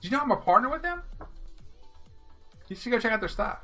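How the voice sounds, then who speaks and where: A male game streamer talks to his live audience in a blunt, animated way, full of advice. His voice sits a bit high and bright, and his pitch swings widely. Faint music plays underneath. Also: fast, pauses often. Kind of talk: live stream talk to viewers.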